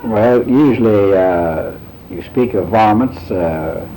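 A man, answering interview questions in a slow, plainspoken and thoughtful way. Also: fairly low pitch, warm tone, slight background noise, rough recording.

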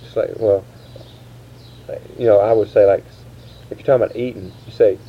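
Man asking dialect questions, halting, on a muffled old tape. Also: lowish voice, steady tone. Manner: halting, restarts, slow quoted prompts. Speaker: interviewer. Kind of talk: dialect interview, grammar questions. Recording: dull lo-fi tape with faint hiss.

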